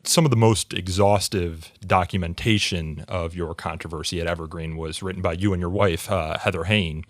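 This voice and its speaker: A man with a low voice hosts an interview podcast. He asks long, measured questions, pausing on fillers as he goes. The sound is dry and close, with no room around it. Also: steady tone, no echo. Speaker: podcast host.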